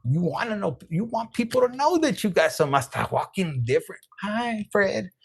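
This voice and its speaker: Brash, gravelly tarot reader. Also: medium pitch, sing-song, brisk, slight background noise. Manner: brash, slangy, swears freely. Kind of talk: casual, profane online tarot reading.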